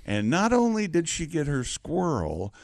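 A man co-hosting a casual talk show, telling stories in an animated way and laughing often. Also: a little high, measured pace, vocal fry, dry recording. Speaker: co-host. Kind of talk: casual radio banter.

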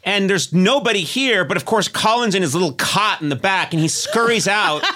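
A man's voice: sits high, animated, moderate pace, background noise. A middle-aged man hosting a podcast in a studio, joking playfully with mock outrage and spinning absurd bits. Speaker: podcast host. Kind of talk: comedic casual chat.

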